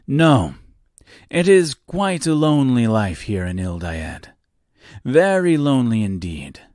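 A man's voice: mid-range voice, sing-song, slow pace, a little mellow, no room sound, studio quality. A man voicing a boastful, lonely male storyteller who plays host with grand, theatrical airs, for an audiobook reading.

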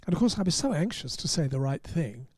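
A man's voice: a little high, sing-song, quick pace, a little mellow, husky, dry recording, clean studio sound. An English man, a motorsport journalist, telling wry, rambling anecdotes with restarts in casual podcast talk. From England.

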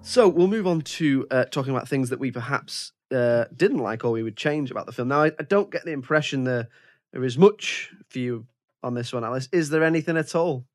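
A man's voice: medium pitch, animated, fairly quick. A man hosting a film podcast, talking casually and often repeating words while he collects his thoughts. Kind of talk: casual film review chat.

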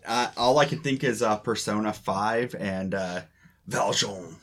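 A man's voice: on the low side, normal speed, fairly bright tone. A man running a tabletop game as game master, chatting and joking, often trailing off with fillers. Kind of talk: casual tabletop game chat.

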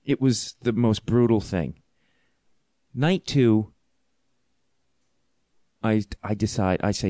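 A male podcast host tells a comic story with animated, self-deprecating energy and frequent laughter. His voice sits on the low side. The sound is dry and close. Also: slow, pauses often, no echo.

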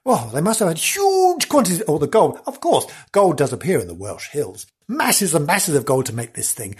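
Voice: mid-range voice, huge pitch swings, moderate pace, hardly any pauses, husky. A podcast host telling local history as comic stories, with theatrical gasps and words repeated for effect.

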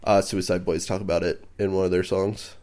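A man's voice: low voice, flat delivery, brisk, a little mellow. A man co-hosting a podcast in casual chat, offhand and wisecracking. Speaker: podcast co-host.

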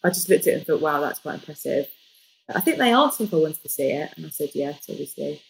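Woman, fairly low voice, animated storyteller, quick to joke. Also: creaky, slight background noise, low-quality recording. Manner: lively, jokey, animated retelling. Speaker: guest. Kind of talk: casual storytelling.

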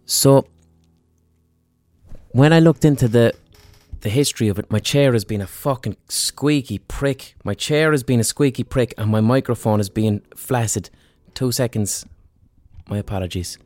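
A man's voice: mid-range voice, normal speed, a little mellow, dry recording. A man hosting a podcast, rambling casually about music history and swearing often. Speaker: podcast host.

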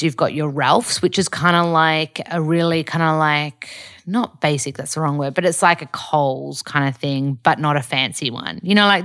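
A woman's voice: low-pitched, no echo, studio quality. A young Australian woman chatting casually to camera in a rambling vlog, full of fillers. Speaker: vlogger.

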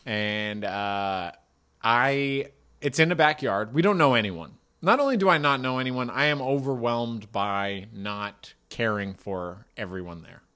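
A man in his thirties tells a sheepish story in a loose, rambling way. His voice sits at an ordinary middle pitch. He keeps mocking himself as he goes. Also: animated, unhurried, bright, forceful tone, smooth. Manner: rambling, self-deprecating, laughs through his own story. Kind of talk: casual storytelling chat.

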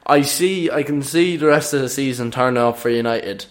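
Brief: man, mid pitch, emphatic podcast co-host, football opinions. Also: normal speed. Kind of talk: casual football chat.

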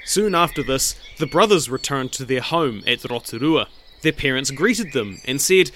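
A man telling a dramatic retelling of a legend in measured, deliberate narration. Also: medium pitch, expressive, a bit bright, a little hiss or hum. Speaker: storyteller.

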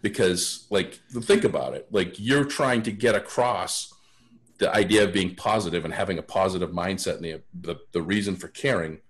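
This man, a sales author appearing as a podcast guest, has a voice that sits low and moves at a moderate pace. His casual storytelling is blunt and frank, with frequent restarted sentences.

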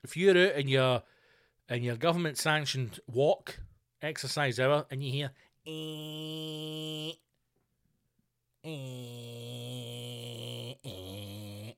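A man hosting a podcast, telling stories in a profane, animated comic rant full of mock outrage. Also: medium pitch, normal speed. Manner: swears constantly, mock outrage. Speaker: podcast host. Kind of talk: comedic rant.

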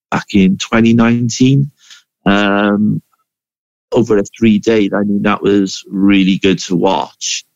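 A man's voice: on the low side, vocal fry, no echo. A Welsh man calling in to a podcast, talking through his idea thoughtfully. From Wales. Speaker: caller. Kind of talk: phone-in chat. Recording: dull phone-line call.

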